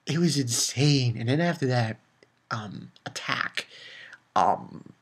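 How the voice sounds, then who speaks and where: A man giving a casual spoken review of a comic chapter, retelling it excitedly with swearing and lots of fillers. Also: mid-range voice, slow, breathy edge. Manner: excitable, loose and profane, with many fillers. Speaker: manga reviewer.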